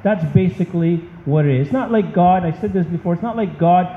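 A man's voice: sits high, a little fast, a little hiss or hum. A man preaching a sermon as a pastor, emphatic and impassioned. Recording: dull, echoey hall.

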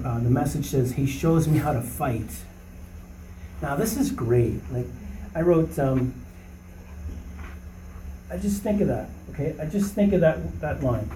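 A man's voice: mid-range voice, warm tone, far from the mic, slight background noise. Emphatic man leading a Bible study. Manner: emphatic, rising to preaching fervor, often asks "okay?". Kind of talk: informal Bible teaching. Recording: roomy echo, voice from off-mic, faint ambience.

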